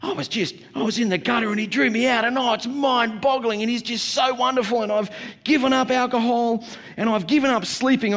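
A man voicing a gushing, overzealous new convert who talks in breathless, rushed run-on enthusiasm. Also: extremely high pitch, big-room sound, voice pushed up.

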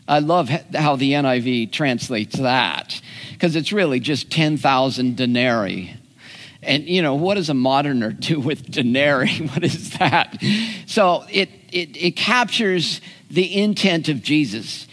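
A man preaches with a slightly raised pitch, taking his time over every phrase. He tells a parable folksily and acts out the characters' lines. His voice rings with the long reverb of a large hall. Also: expressive, unhurried, fairly bright tone. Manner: storytelling with acted voices, folksy asides. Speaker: pastor. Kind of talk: sermon.

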